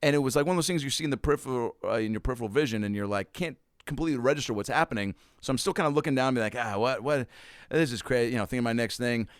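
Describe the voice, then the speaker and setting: A man's voice: mid-range voice, very fast, no echo, clean studio sound. A man telling a stand-up comedy story in casual chat, acting out the quotes with big jumps in his voice. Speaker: comedian guest.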